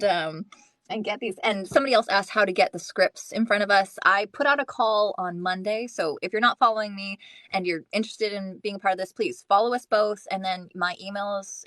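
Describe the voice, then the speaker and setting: A chatty woman hosting a live stream, talking loosely with frequent laughs and restarts. Her voice sits at an average pitch and sounds close and dry, with almost no room around it. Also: fairly bright tone, no echo. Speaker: livestream host and narrator. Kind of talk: casual livestream chat.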